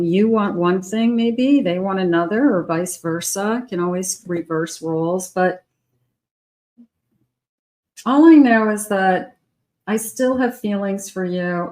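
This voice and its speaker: A woman's voice: mid-range voice, darkish tone. A middle-aged woman giving a channeled love tarot reading in a conversational way, now and then acting out imagined lines for the person in question. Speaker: tarot reader.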